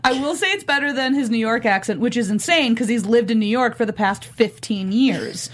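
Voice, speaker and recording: A woman co-hosting a casual podcast chat, her voice a touch higher than most. She talks in a chatty, wry way. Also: fairly quick, slight background noise. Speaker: podcast co-host. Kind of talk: casual chat reviewing a comedy show.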